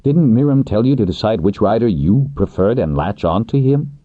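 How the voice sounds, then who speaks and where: A man voicing a passionate young wing leader who speaks earnestly and gently, with intense warmth toward his partner. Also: fairly low pitch, lively intonation, moderate pace, dry recording, voice pushed up. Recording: tinny phone-like, dry.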